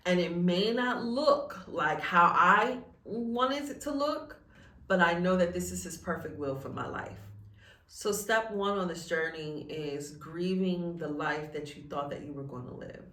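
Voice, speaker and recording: A woman's voice: lowish voice, measured pace, bright, forceful tone, echoey room, recorded from a distance. Tearful woman sharing a faith-filled vlog. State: close to tears. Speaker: vlogger. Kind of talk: emotional personal vlog.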